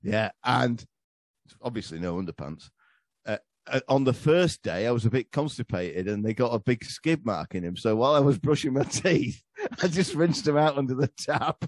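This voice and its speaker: A man's voice: mid-range voice, animated, normal speed, no echo. A man, a podcast guest telling crude, swearing stories in casual comedy chat. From England. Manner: crude, swearing, laughing storyteller.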